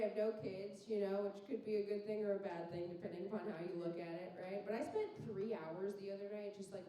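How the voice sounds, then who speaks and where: A woman in her thirties from Phoenix, Arizona, works a club stage with a chatty, self-mocking stand-up set, bantering with the crowd. Her voice is medium-pitched with a dark tone, and there's slight background noise. The distant mic gives it a roomy club sound.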